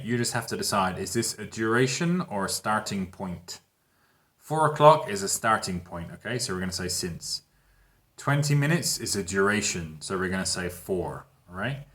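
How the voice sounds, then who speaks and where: A man, teaching a grammar lesson in a relaxed, patient way and often checking in with his students. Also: fairly low pitch. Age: 30s. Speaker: English teacher. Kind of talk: casual online grammar lesson.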